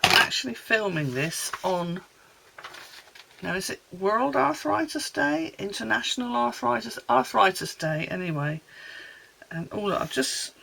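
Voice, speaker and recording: Chatting as she makes cards, a Welsh crafter gives a homely, rambling tutorial with asides while she works. Her medium-pitched voice is creaky and sharp-toned, with lively intonation and a measured pace, on poor audio.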